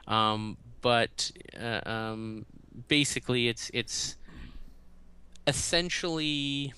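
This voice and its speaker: A man as a podcast guest, telling stories in a halting, animated way and acting out quotes in a raised voice. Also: medium pitch, smooth. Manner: halting, often restarts. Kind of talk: casual storytelling in an interview.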